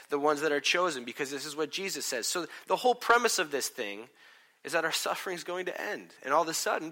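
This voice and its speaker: A man preaching a sermon in a church, swinging between loud emphatic declarations and quiet asides, and acting out what people say. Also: a little high. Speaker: pastor. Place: church hall with congregation.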